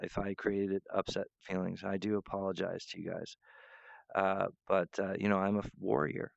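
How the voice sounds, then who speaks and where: A man's voice: sits low, creaky, smooth, no room sound, muffled recording. A man rambling in a monologue to camera, meandering, restarting often and breaking off to apologize. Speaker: vlogger.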